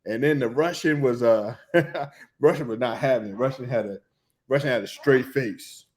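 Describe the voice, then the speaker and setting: A middle-aged man hosting a podcast, telling a loose, animated story in casual slang, with laughs and restarts. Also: mid-range voice, normal speed. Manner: animated, humming tunes and acting out reactions. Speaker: podcast host.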